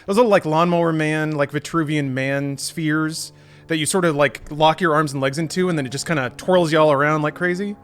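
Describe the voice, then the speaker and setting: A man with a somewhat high voice co-hosts a casual podcast chat. He rambles through long, playful riffs and builds them up as he goes. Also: fairly quick, clear, resonant tone. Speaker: podcast co-host.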